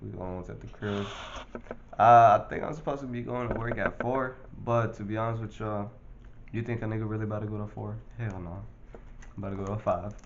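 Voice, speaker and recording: A young man chats laid-back into a phone camera, his voice sitting on the low side. He talks in a loose, profane street slang. The sound is dull and lo-fi, with a faint hiss behind it. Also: fairly even intonation, a little fast. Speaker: vlogger. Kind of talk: casual vlog chat.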